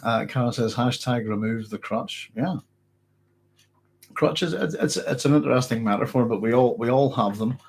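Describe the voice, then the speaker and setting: A middle-aged man from Northern Ireland, with a mixed Northern Irish accent, casually answers live chat questions at normal speed in a medium-pitched, creaky, darkish voice, with slight hiss or hum in the background. He has a cold and a hoarse throat. He rambles with many restarts and frequent chuckles.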